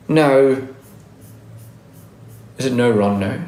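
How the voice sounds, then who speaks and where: A man's voice: mid-range voice, moderate pace, roomy sound. A man with a faded Australian accent mixed with American, chatting casually on a live stream, rambling and correcting himself with frequent laughs. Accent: Australian, blended with American.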